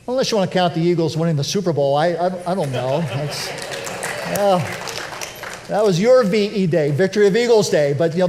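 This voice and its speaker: A male pastor giving a conversational, animated church sermon with self-deprecating humor. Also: high-pitched. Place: church sanctuary.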